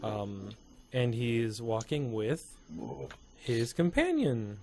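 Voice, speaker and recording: Soft-spoken hesitant man gaming. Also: mid-range voice, very animated, takes it slowly, a little hiss or hum. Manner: hesitant, many fillers and restarts, softly spoken. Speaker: player. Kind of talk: casual tabletop game play.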